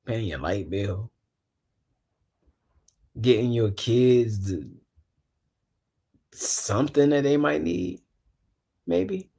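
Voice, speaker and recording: Laid-back rambling man on a podcast. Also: medium pitch. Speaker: podcast host. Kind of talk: casual podcast chat.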